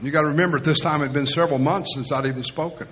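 A man's voice: fairly high pitch, fairly even intonation, racing, fairly bright tone. A male pastor preaching a sermon as a personal story, in a storytelling style that acts out the quoted voices. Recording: reverberant hall.

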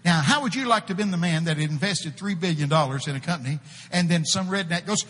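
A man preaching a sermon, telling folksy stories and breaking out to shout quoted prophecies before dropping to a hush. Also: a little high, quick pace, hardly any pauses, in a large hall. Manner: animated, folksy, shouts out quoted prophecies, swings between loud and hushed. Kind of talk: sermon with storytelling. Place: church.

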